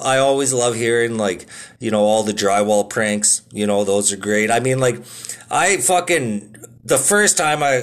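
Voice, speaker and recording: A man in his thirties telling stories in a casual, rambling monologue, full of swearing and filler words. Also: lowish voice. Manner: laid-back, swears a lot, lots of filler words.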